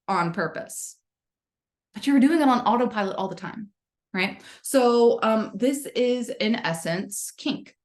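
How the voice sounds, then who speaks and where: A young adult woman leading a spiritual gathering, telling a personal story in a candid, casual way with frequent swearing and check-ins with her listeners. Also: fairly high pitch. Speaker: spiritual community leader. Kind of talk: casual spoken sermon.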